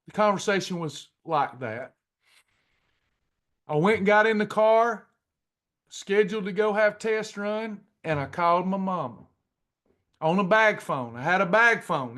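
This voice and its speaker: A middle-aged man telling a personal testimony to a class in a folksy, drawn-out way, acting out the dialogue. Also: high-pitched, animated, pushed and bright. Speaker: pastor and weight-loss class leader.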